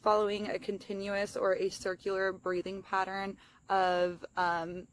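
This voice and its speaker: A woman's voice: medium pitch, monotone, a little slow. A young woman with a lisp, chatting casually and apologetically outdoors in a self-help vlog, with lots of fillers. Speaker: vlogger.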